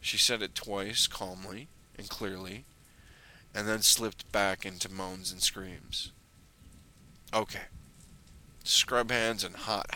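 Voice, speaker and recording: A man's voice: lowish voice, fairly even intonation, takes it slowly, long pauses, sharp tone. A young man telling a personal story in a dry, wry way, often in short clipped phrases.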